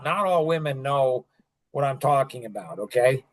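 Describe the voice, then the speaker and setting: A man's voice: mid-range voice, expressive, moderate pace. Older man, podcast host, casual rambling talk, lots of fillers, frequent restarts.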